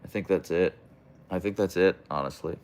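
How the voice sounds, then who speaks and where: A man's voice: low-pitched, normal speed, a little mellow. A young man hosting a casual livestream, reading chat aloud and answering in a rambling, hesitant way with many fillers and restarts.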